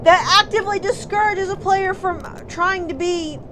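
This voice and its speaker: A woman's voice: very high-pitched, steady tone, normal speed, a little hiss or hum, low-quality recording. A woman streaming a video game, ranting angrily and swearing about a fight she keeps losing. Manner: angry profane ranting, loud outbursts. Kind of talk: live gameplay commentary. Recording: game music under the voice. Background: game music.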